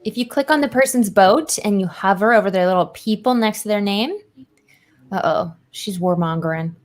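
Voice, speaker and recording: A woman with a Midwestern accent hosting a game stream over a video call, upbeat and quick to laugh. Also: mid-range voice. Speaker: host explaining game rules.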